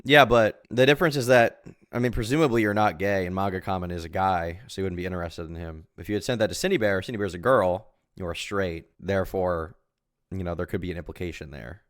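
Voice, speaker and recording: A man streaming a reaction to a video, talking casually, loudly and profanely, laughing often and repeating himself. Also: sits low, a little fast, no room sound, studio quality. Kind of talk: casual live reaction chat.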